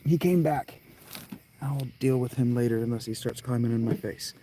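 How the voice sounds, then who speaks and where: A man's voice: medium pitch, flat delivery, fairly quick, background noise. Rambling, cussing man streaming a game. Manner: profane, rambling, talks to himself. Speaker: let's play streamer. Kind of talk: casual gaming commentary. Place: tent. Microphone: clip-on mic.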